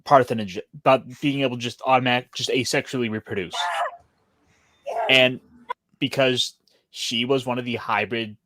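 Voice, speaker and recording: Matter-of-fact male co-host, mid pitch, dry sound. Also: fairly even intonation, moderate pace, long pauses, sharp tone, no echo. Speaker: podcast co-host. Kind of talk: casual movie review chat.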